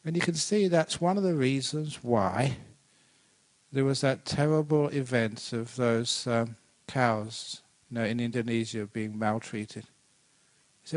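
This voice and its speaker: A man, a Buddhist monk, giving a dharma talk with animated, conversational storytelling and acted-out quotes. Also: mid-range voice, a little slow.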